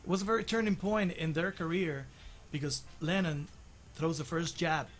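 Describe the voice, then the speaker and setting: High-voiced bilingual guy, chatty. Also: normal speed. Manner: enthusiastic, laid-back, switches between English and Spanish. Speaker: co-host of a music talk show. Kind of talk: casual bilingual chat.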